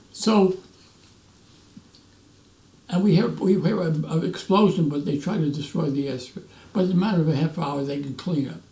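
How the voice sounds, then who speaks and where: A man in his nineties, a veteran, telling animated stories in an interview and acting out the voices of others. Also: on the high side. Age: 90s. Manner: animated storyteller, acts out quoted voices, restarts often. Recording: roomy echo, mic at a distance.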